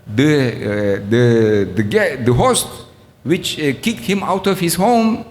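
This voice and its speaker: Slow, halting man lecturing in a reverberant hall. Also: medium pitch, lively intonation. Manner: slow and halting, with frequent "uh" pauses and chuckles. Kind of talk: Islamic ethics lecture retelling a story.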